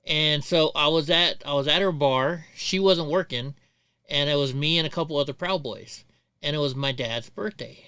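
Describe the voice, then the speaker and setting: A middle-aged man hosts a casual livestream and tells long, profane stories, full of restarts and asides. His voice is bright and crisp, with a close, dry sound. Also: a little high, normal speed, dry recording. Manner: rambling, profane, many restarts. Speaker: livestream host.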